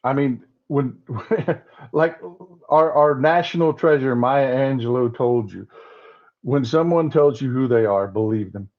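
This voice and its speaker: A man's voice: medium pitch, a little slow, narrow, tinny audio. A man with a Southern accent hosting a political commentary livestream, talking bluntly and restarting his sentences often. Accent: Southern American. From Southern United States. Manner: blunt, repeats himself with many restarts.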